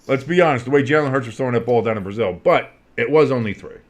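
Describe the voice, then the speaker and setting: A man's voice: mid-range voice, fast. A man co-hosting a casual sports podcast, playful and teasing, often slipping into goofy voices. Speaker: co-host.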